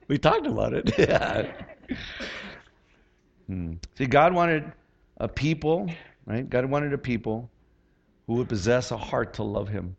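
Animated conversational male pastor, slightly muffled. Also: mid-range voice, creaky. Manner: animated, conversational, repeats words when starting. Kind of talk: sermon.

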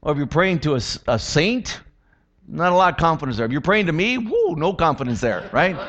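In a church, a pastor delivers a conversational sermon, joking and repeatedly asking his listeners "right?" His fairly high voice is a bit bright and fairly quick, with big pitch swings. The recording sounds muffled.

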